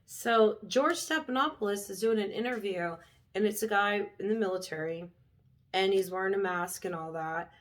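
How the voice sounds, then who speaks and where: A young woman talks straight to her viewers in a heated, unfiltered rant. She is blunt and swears freely, with a mid-range voice in a casual vlog style. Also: medium pitch. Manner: blunt, profane, heated ranting. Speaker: vlogger.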